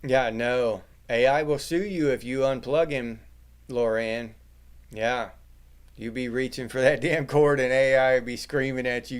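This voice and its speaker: Crude joking middle-aged man, smooth voice. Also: medium pitch, fairly even intonation, measured pace. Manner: crude, joking, swearing freely. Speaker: livestream host reading chat. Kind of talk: casual livestream chat.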